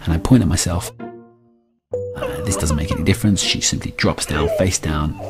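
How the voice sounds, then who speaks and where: A man's voice: very deep voice, normal speed, music in the background. A man telling a comic story about himself as a father, in a wry, self-mocking manner.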